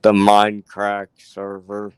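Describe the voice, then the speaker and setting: A man's voice: lowish voice, completely flat delivery, takes it slowly, smooth, dry recording. A man making offhand remarks on a livestream call with friends. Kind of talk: casual group chat.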